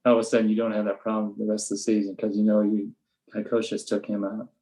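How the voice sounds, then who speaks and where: Talking fast in a low, flat coaching voice, an older American man who coaches high school baseball tells stories matter-of-factly in a relaxed podcast interview. He acts out his own sharp coaching lines, and the recording is rough.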